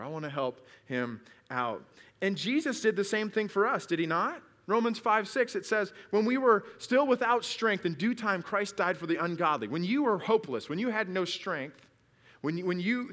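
A man's voice: fairly high pitch, a bit bright, big-room sound. A man preaching a sermon at a church service, telling stories and asking rhetorical questions, earnest and building to emphatic peaks. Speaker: pastor.

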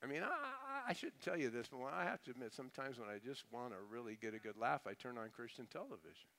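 A pastor with a mid-range, bright, forceful voice speaks quickly with lively intonation. His sermon is conversational and funny: he mocks pompous prayer voices, then turns earnest.

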